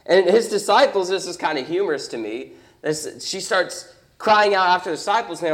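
Young man, pastor, conversational sermon, rhetorical questions, slightly higher voice. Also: expressive, a little fast, a bit bright.

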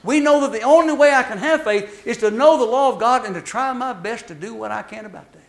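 A man preaching a sermon, telling folksy stories with emphatic swings between loud and hushed delivery. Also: extremely high pitch, a little fast, creaky.

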